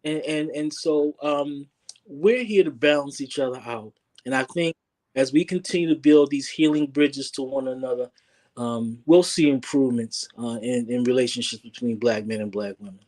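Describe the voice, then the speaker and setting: This relationship coach has a mid-range, slightly mellow voice at a normal pace. As an interview guest in casual conversation, he speaks earnestly and tends to repeat words while working out his thoughts.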